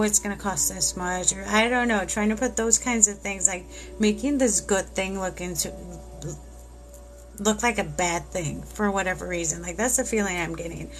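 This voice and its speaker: A woman doing a live tarot reading who speaks warmly and reassuringly and keeps tearing up. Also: mid-range voice. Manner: emotional, tearful, reassuring. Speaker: tarot reader.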